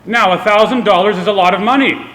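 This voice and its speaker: A man's voice: high voice, quick pace, bright, forceful tone. A young man from Canada giving a public speech, telling a humorous, self-deprecating story. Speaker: speaker. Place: event hall. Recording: echoey hall with long reverb.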